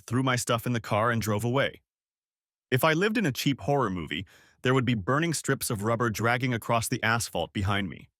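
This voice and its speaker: Animated male audiobook narrator. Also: mid-range voice, no room sound, studio quality. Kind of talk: scripted first-person story narration.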